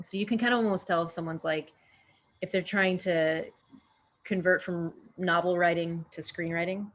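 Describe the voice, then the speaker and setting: A woman talks as a guest actor on a podcast, relaxed and conversational. Her voice sits low for a woman, and she keeps pausing on fillers and starting sentences over as she works out her thoughts. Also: a little hiss or hum. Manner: chatty, frequent fillers and restarts. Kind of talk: casual interview talk.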